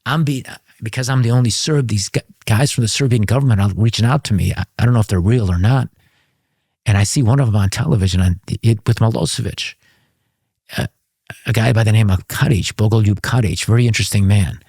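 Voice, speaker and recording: A man with a husky, slightly breathy voice talks as an interview guest, spinning a long anecdote with plenty of energy. He stumbles, restarts, and breaks into laughter as he goes. The sound is close and dry. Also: lowish voice, fairly quick, no room sound. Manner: animated anecdote-telling with frequent restarts and laughter; speaks the language of his father's homeland. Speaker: interview guest, former congressman. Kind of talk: storytelling in a conversational interview.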